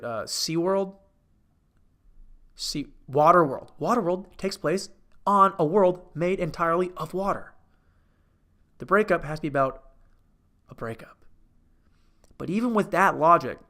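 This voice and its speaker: Man, host of a comedy review show, higher-than-usual voice, rambling, self-correcting, profane. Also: expressive, normal speed, long pauses, fairly bright tone.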